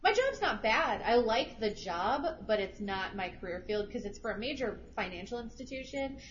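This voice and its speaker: A woman's voice: fairly high pitch, lively intonation, moderate pace, muffled recording, slight background noise. A woman co-hosting a podcast in casual chat, talkative and laughing between phrases. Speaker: podcast co-host.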